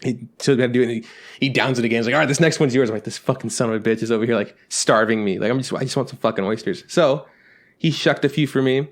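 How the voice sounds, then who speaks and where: A young man rattles through a long story at a quick clip, full of asides and little acted-out quotes. He swears casually and keeps an easy, chatty podcast tone. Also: medium pitch. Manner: rambling anecdotes with acted-out quotes, swears freely. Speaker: podcast co-host.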